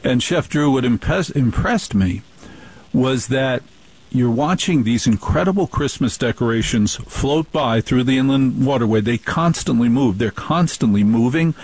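A man's voice: mid-range voice, darkish tone, slightly rough, no echo, low-quality recording. A man hosting a radio interview, asking questions in an enthusiastic way. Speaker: radio host.

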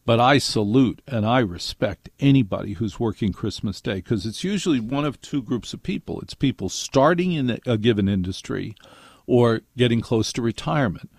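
Older male radio host, wry storyteller, gravelly voice. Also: mid-range voice, moderate pace, no room sound. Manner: wry storytelling with acted quotes. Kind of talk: monologue to listeners.

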